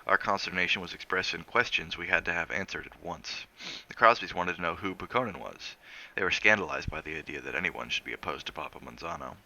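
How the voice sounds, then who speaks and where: A man reading a novel aloud in steady, measured narration. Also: low voice. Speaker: reader of a novel on a stream.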